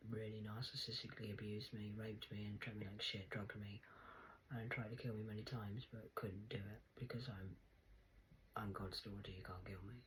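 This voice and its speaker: A middle-aged Englishwoman talks straight to camera in a loose, rambling monologue. Her delivery is blunt and salty, full of swearing. She drops into lively put-on voices when she quotes people. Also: extremely low pitch, normal speed, slight background noise, poor audio. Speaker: vlogger. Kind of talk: casual monologue storytelling.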